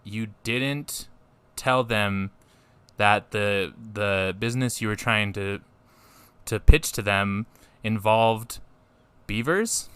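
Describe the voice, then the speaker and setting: A man's voice: on the low side, slow, long pauses, fairly bright tone, clean tone, no echo. A young man co-hosting a podcast, chatting animatedly and swearing casually between frequent laughs. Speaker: podcast co-host. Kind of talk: casual political chat.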